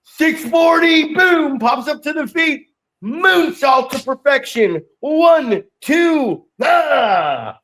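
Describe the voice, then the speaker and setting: A man acting out a brash, rude male wrestler with a shouted, hyped play-by-play. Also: high-pitched, lively intonation, a little slow, vocal fry, hardly any pauses, slight background noise, voice pushed up, exaggerated voice, poor audio. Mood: hyped, taunting.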